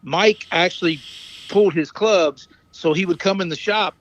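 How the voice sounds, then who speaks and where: A man's voice: sits high, moderate pace, a bit bright, dry recording, poor audio. A man co-hosting a casual podcast, telling rambling anecdotes and correcting himself as he goes. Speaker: podcast co-host, former caddie. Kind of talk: casual storytelling chat.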